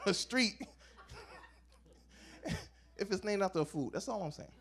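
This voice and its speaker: A man in his thirties doing a stand-up comedy set on a club stage, animated and acting out bits with big swings in pitch. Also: slow pace, long pauses, slightly rough.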